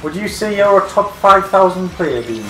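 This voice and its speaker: A young Englishman, excitable and swearing, laughing and joking while racing online. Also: sits high, normal speed. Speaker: gamer and channel regular. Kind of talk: casual gaming banter. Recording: echoey room with loud game music.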